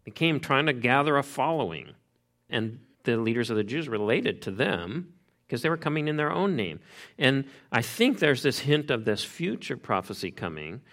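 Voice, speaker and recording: A pastor preaching an expository sermon in a conversational, emphatic way, repeating key phrases. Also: male voice, mid-range voice, very animated, normal speed, a bit bright.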